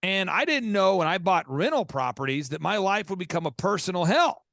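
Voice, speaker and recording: A male podcast host tells stories with high energy and voices both sides of each conversation. His voice sits high and swoops widely. The studio recording is close and dry. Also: lively intonation, a little fast, a bit bright, no room sound. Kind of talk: animated storytelling.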